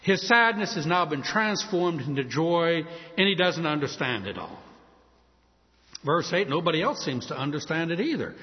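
A male preacher telling a story in a sermon, animated and acting out the scenes. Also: fairly high pitch, normal speed. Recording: dull recording with long hall reverb.

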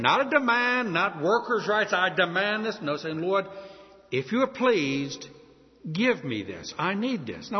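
Emphatic male preacher in a reverberant hall. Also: high voice. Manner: emphatic, slows and rises on key words. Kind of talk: sermon. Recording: dull sound with long hall reverb.

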